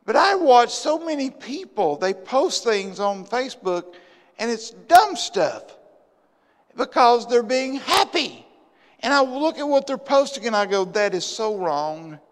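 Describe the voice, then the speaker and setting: High-voiced pastor in echoing church. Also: male voice, expressive, unhurried. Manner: impassioned, swinging between loud bursts and hushed asides. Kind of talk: sermon. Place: church sanctuary. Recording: long church hall reverb.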